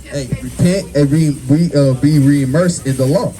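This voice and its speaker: A man preaching on the street, forceful and confrontational, with many fillers and repeated words. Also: a little high, moderate pace, faint music behind. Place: outdoors on a busy street. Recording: busy street crowd noise.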